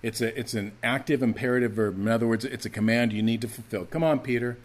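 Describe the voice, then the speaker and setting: A man preaching a sermon to his church, animated and emphatic, acting out the scripture's voices as he teaches. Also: lowish voice, fast. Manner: animated, acts out quoted lines, rising to emphatic calls. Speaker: pastor.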